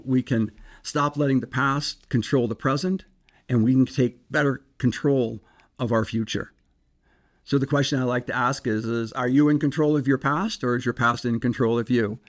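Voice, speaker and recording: A man hosting a self-help podcast, speaking in an earnest, measured way and putting reflective questions to the listener. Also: medium pitch. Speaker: podcast host, psychologist.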